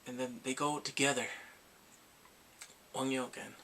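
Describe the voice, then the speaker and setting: Gravelly, bright-voiced man recapping excitedly. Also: medium pitch, unhurried, slight background noise. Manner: animated, acts out characters' lines and his own reactions. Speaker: drama reviewer. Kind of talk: casual excited episode recap.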